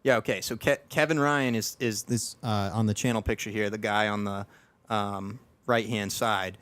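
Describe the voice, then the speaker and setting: A man's voice: fairly low pitch, fairly even intonation, moderate pace, a bit bright, clean tone. A man hosting a podcast, chatting casually and rambling through many restarts and fillers. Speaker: podcast host. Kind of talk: casual chat.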